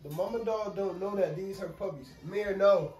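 A man's voice: moderate pace, a little mellow, faint music behind. A man running his dog-breeding vlog, talking loosely to viewers and filling his talk with "y'all" and "man", overwhelmed and frustrated. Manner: loose, repeats "y'all" and "man", trails off low when upset. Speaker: dog breeder and channel host.

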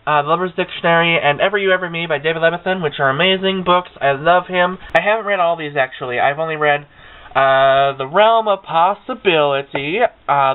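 A young man with a somewhat high, smooth voice chats in a gushing way and makes fun of himself now and then. The sound is thin and tinny, as if from a cheap webcam mic. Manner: chatty and gushing, with self-mocking asides. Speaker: book vlogger. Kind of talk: casual chat.

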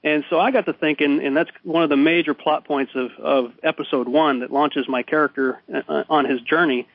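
A man's voice: on the high side, moderate pace, creaky, no echo. A man talking animatedly as a guest on a radio call-in show. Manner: animated, restarts and laughs often. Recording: muffled dry radio broadcast.

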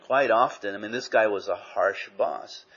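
A man's voice: fairly low pitch, normal speed, a bit bright, breathy edge. A middle-aged man from Southern California preaching a sermon in a conversational way, with lots of "you know" asides. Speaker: pastor. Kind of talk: sermon with personal storytelling. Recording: dull lo-fi recording.

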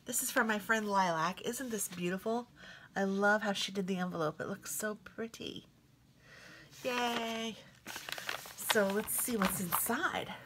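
A woman vlogger casually showing off craft mail she received, gushing softly and sometimes dropping to a whisper. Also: mid-range voice, normal speed, background noise. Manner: gushing, soft-spoken, drifts into whispers. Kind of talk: casual show-and-tell unboxing.

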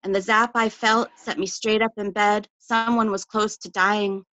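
A woman giving a measured, intimate poetry reading over a video call, her phrases trailing off quietly. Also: mid-range voice, flat delivery, no echo. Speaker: poet.

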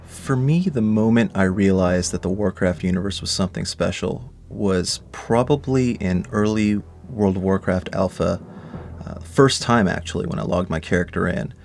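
A man with a gravelly, fry-laden voice recalls an early memory in an interview, casual and excited. His pitch is on the low side, with a faint hiss behind him. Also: moderate pace. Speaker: game developer. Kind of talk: interview answer.

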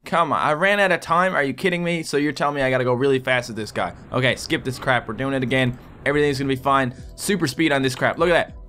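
A man giving excitable let's play commentary as he plays, swearing and yelling at his patients in a surgery game. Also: medium pitch, fast, hardly any pauses, faint music behind. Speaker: gaming video host.

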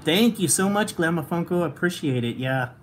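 A woman chats and laughs through a casual toy-collecting livestream, teasing her co-host and greeting viewers. Her voice sits low but moves around a lot. A faint background hiss runs under it. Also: expressive, brisk. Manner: joking, laughs often, talks to chat. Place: home collection room.

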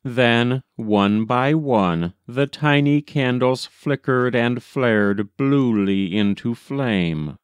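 A man narrating a story as an audiobook reader, measured and gentle. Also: medium pitch, clear, resonant tone, no room sound. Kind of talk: scripted narration.

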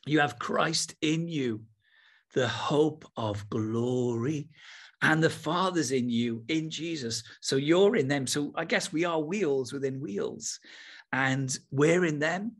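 A man teaching with enthusiasm, then slowing to a soft, unhurried pace to lead a guided meditation. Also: a little high. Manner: enthusiastic, then slow and soft when guiding. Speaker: spiritual teacher.

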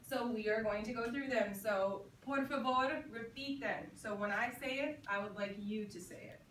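A woman teaching a high school Spanish class, saying phrases for the students to repeat and then translating them. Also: a little hiss or hum. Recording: echoey classroom from far off.

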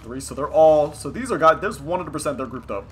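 A man's voice: fairly high pitch, lively intonation, brisk, a little hiss or hum. Hyped young man commentating his game. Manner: hyped, profane, talks to opponents on screen. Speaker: gaming streamer. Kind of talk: live gameplay commentary. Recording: game music behind the voice.

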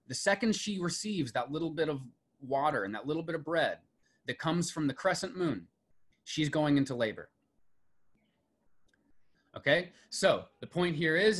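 A man's voice: fairly high pitch, a bit bright, slightly rough. A middle-aged man giving a classroom lecture on myth and story, building emphasis on key lists. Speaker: mythology lecturer.

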